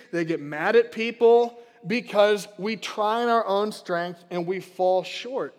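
A man giving a casual, energetic sermon as pastor, emphatic and chatty, rallying his listeners. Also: sits high. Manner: chatty, emphatic, rallies the crowd. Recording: long reverb of a large hall.

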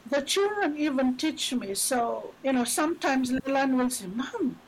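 Chatty middle-aged woman, podcast guest, high-ish voice, casual faith talk. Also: animated, a little slow, slight background noise, rough recording. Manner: chatty storyteller, many "you know" fillers.

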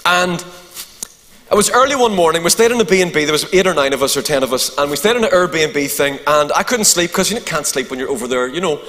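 A man with a Northern Irish accent, a pastor telling a funny story to a congregation in an animated, joking way. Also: on the high side, quick pace, big-room sound. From Northern Ireland. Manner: animated, humorous anecdote with asides to the crowd. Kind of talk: sermon storytelling.

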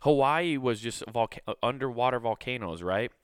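A man's voice: medium pitch, animated, moderate pace, smooth, dry recording, studio quality. A man telling a crude, laid-back comic story in casual podcast talk.

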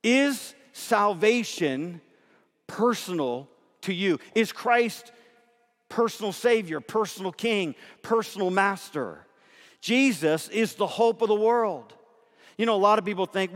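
Pastor guy with a high voice preaching, lively and emphatic, long church echo. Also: normal speed. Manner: animated preaching, emphatic and conversational. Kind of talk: sermon. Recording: long hall reverb.

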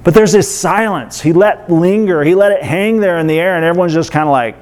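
A man's voice: a little high, fairly quick, a little mellow. A man preaching a sermon as pastor, conversational, with laughs and acted asides.

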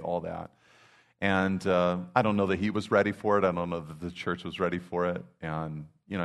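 A male pastor giving a conversational sermon, casual and full of "you know", acting out little asides. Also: deep voice. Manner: casual, heavy use of "you know", animated acted-out asides.

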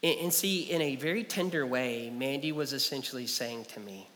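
Bright-voiced pastor preaching in a reverberant hall. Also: male voice, medium pitch, moderate pace, few pauses. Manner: earnest, personal storytelling with repeated phrases. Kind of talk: sermon. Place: church sanctuary.

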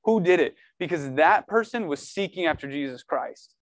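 A man preaching earnestly to a youth group, animated and casual, reading scripture and pleading with his listeners. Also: high voice, normal speed, dry recording. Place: church room.

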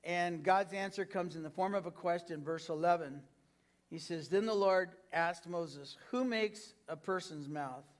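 A man preaching to his congregation, acting out quoted lines with big swings in pitch and loudness. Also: a little slow. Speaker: pastor. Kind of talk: sermon.

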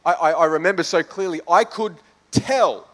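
A pastor preaching, his voice sitting somewhat high for a man. He talks in an easy, conversational way that climbs into fervent emphasis. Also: moderate pace. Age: adult with children. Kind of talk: sermon.

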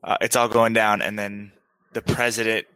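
A man's voice: lowish voice, level tone, moderate pace, sharp tone, smooth, no echo. Rambling, laughing man on a podcast. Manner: rambling, laughing recap full of fillers. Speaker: podcast co-host. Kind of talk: casual chat.

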